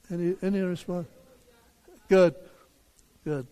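An older male pastor preaches slowly and deliberately, his voice sitting high for a man. He leans on rhetorical questions, and each phrase rings out in a large church hall with a long reverb. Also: dark tone. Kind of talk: sermon.

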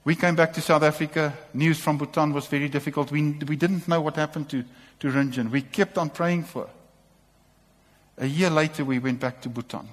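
A man's voice: fairly high pitch, fairly even intonation, a little fast, long reverb tail. A man preaching a sermon to a congregation, impassioned and repeating short calls to take courage.

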